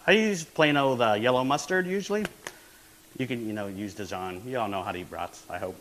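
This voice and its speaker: A man's voice: medium pitch, fairly quick, fairly bright tone, a little hiss or hum, low-quality recording. A man hosting a casual home cooking stream from his apartment kitchen, chatty and laid-back, laughing often. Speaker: host of a home cooking show.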